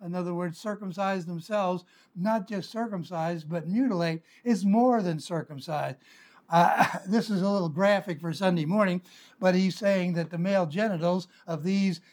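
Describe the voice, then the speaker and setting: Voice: mid-range voice, moderate pace, a little mellow. Frank, wry preacher teaching a sermon. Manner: frank, wry, conversational preaching with filler words.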